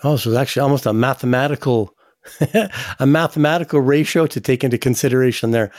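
A man's voice: medium pitch, fast, a little mellow, no room sound. Radio host guy rambling friendly-like, medium voice, dry studio mic. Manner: chatty, anecdotal, frequent "you know" asides. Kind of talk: casual radio talk.

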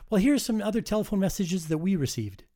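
A man's voice: high-pitched, big pitch swings, a little fast, dark tone. A man hosting a community radio holiday show, chatting in a folksy way with light jokes. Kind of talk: casual radio chat.

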